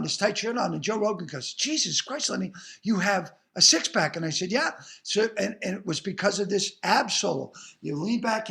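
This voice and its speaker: An older man with a Boston accent tells showbiz stories as an interview guest. His voice sits high, with a gravelly fry and a bright, forceful edge. He rambles, swears freely and restarts his sentences often. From Boston area. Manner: profane, emphatic, rambling anecdotes with restarts. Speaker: guest, actor and comedian. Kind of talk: animated storytelling in an interview.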